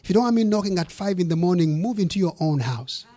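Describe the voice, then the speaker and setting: A man's voice: high-pitched, animated, quick pace, mellow. A man preaching, briefly voicing a blunt, irritated male landlord in a sermon story.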